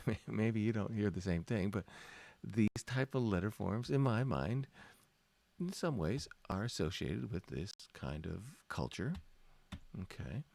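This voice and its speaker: A man with a low, gravelly voice gives an informal design lecture. He talks in a loose, chatty way, full of fillers and self-deprecating asides. The sound is close and dry. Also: a little mellow, dry recording. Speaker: design teacher. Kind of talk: casual lecture.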